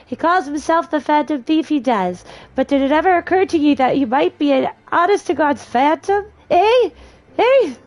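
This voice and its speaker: A woman voicing a grieving, hysterical old woman as she reads game dialogue aloud, with shrill, wailing, cackling speech. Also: lively intonation, normal speed.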